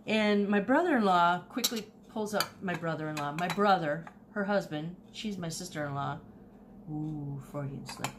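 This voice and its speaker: In a casual haul video with background noise, an online reseller with a fairly low voice talks at normal speed about her thrift finds. She's animated and chatty, frequently repeating herself mid-story.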